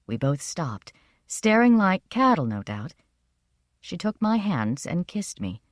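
Woman reading a story aloud, low voice, lots of expression. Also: very animated, takes it slowly, no room sound, clean studio sound. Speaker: audiobook narrator. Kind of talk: first-person scripted narration.

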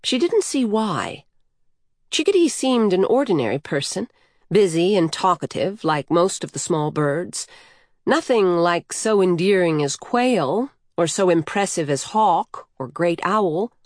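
A woman reads a storybook in calm, measured narration. Her pace is slow and unhurried and her voice sits on the low side. The sound is close and dry. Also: dry recording. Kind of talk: scripted narration.

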